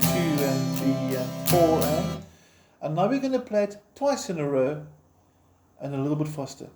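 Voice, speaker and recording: Informal male guitar teacher, dark and mellow tone, slightly high voice, counts beats aloud, roomy echo. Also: lively intonation, moderate pace. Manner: encouraging, informal. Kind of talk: step-by-step instruction. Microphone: camera framing the guitar.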